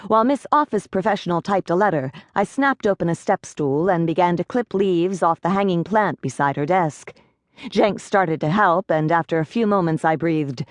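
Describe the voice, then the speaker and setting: Low-voiced woman narrating an audiobook. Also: normal speed, no room sound, clean studio sound. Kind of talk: first-person audiobook narration.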